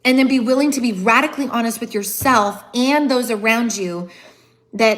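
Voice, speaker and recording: A woman's voice: fairly high pitch, normal speed. A woman giving an earnest, emphatic motivational talk on a phone livestream, often repeating phrases for stress. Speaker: motivational speaker. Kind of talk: live-streamed motivational talk.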